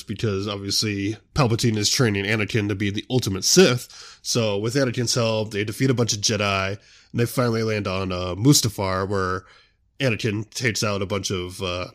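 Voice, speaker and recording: This is a casual solo chat from a young man running his own show, who rambles a lot and fills gaps with "you know." He speaks on the low side and fairly quickly.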